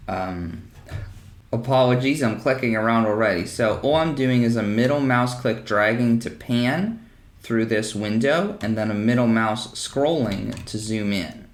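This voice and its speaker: A man hosting a casual animation software tutorial at a desk mic, chatty and self-deprecating. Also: fairly low pitch. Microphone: desk microphone. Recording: roomy echo in home room.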